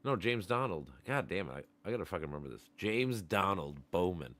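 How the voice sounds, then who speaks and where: Deep-voiced man, blunt profane chat. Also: big pitch swings, brisk, a bit bright. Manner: blunt, swears a lot, laughs often. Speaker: stream host.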